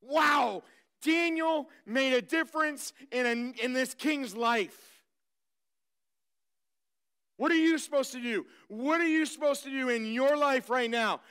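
High, bright-voiced preacher man. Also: slow, clear, resonant tone. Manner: energetic, exclaims and calls out to the congregation. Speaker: pastor. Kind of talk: live sermon. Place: church service.

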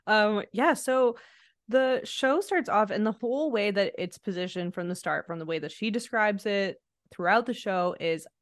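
A woman co-hosts a podcast, chatting casually through a recap and laughing often as she acts out quotes. Her mid-range voice moves at a moderate pace, recorded at studio quality with no room sound.

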